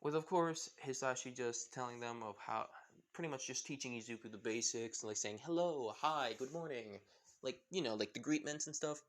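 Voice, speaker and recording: A man's voice: medium pitch, a little fast. A man casually retelling a fan story, rambling with lots of fillers and self-corrections.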